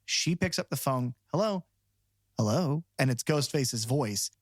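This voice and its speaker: Man, podcast co-host, enthusiastic rambling film chat, mid-pitched voice, dry close sound. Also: a little slow, dry recording. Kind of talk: casual film discussion.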